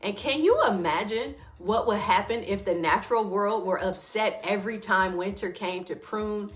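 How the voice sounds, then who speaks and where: Woman talking warmly to listeners. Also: mid-range voice, moderate pace, reverberant. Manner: warm conversational, often checks in with listeners. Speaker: wellness teacher and host. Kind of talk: casual spoken reflection and guided practice.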